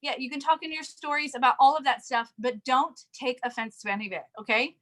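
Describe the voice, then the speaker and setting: A woman in casual chat, coaching on recruiting sales partners, animated and quick to laugh. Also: high-pitched. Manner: animated, laughs often, acts out quoted people. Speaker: network marketing coach.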